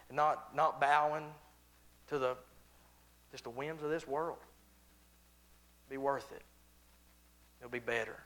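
A man's voice: fairly high pitch, fairly bright tone, a little hiss or hum. Fervent man preaching a church sermon. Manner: reads King James scripture aloud, repeats phrases for emphasis. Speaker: visiting preacher. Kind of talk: sermon with scripture reading and prayer. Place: church service.

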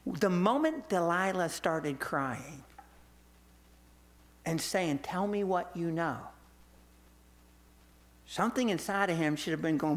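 A man delivers a sermon as an animated storyteller. He acts out the quoted lines as he goes. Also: high voice, unhurried. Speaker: pastor.

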